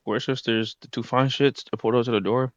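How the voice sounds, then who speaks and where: A young man casually recapping a story in heavy slang, jumping into loud shouted impressions of the characters. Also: medium pitch, steady tone, a little fast, dry recording. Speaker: anime recap host. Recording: slightly muffled lo-fi recording.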